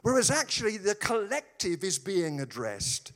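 Animated male preacher, slightly high. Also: normal speed. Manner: animated storytelling with put-on voices and humor. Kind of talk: sermon.

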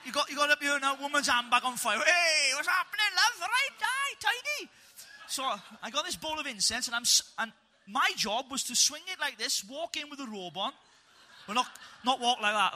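A Welsh man preaches his own testimony before a live audience. His voice sits high and rings very bright, and he tells it with animated, humorous energy. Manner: animated storyteller, punchy and humorous.

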